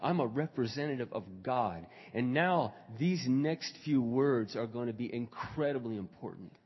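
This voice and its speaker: A male pastor preaching a sermon, moving from quiet storytelling to loud, fervent preaching. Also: mid-range voice, animated, moderate pace, slightly rough. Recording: dull recording in a reverberant hall.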